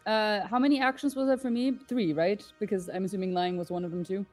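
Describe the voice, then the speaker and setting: A woman's voice: mid-range voice, steady tone, quick pace, a little mellow, faint music behind. A woman playing a tabletop game, describing her character's actions casually and with many fillers. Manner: hesitant narration with many fillers. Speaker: player.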